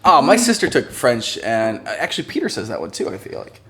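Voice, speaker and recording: A man hosting a casual live-stream chat, jokey and quick to laugh. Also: mid-range voice, wildly swooping pitch, a bit bright. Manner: chatty, laughs often, jokey. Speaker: host of a channel live stream.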